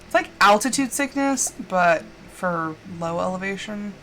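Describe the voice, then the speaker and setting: A woman's voice: medium pitch, animated, measured pace, a bit bright, a little hiss or hum. A woman livestreaming a game, telling a rambling story in casual chat with lots of fillers and playful drama. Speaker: livestreamer playing a farming game. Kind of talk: casual chat while gaming.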